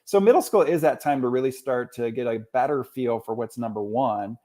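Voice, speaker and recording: A man's voice: medium pitch, brisk. A man in his forties, a school counselor, talking casually as a podcast guest and telling stories with quoted dialogue. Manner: animated storyteller, often quotes others.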